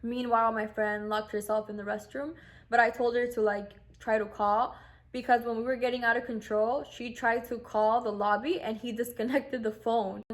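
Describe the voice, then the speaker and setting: Her voice sits on the high side with little pitch movement, at a normal speed. A twenty-something vlogger, she casually recounts a personal story, full of "like," imitating what others told her.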